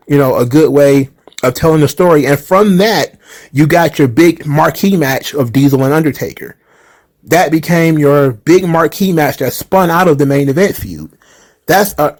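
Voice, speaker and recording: A man hosting a casual chat about wrestling, animated and quick to laugh, who asks lots of rhetorical questions. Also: on the high side. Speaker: channel host answering viewer questions.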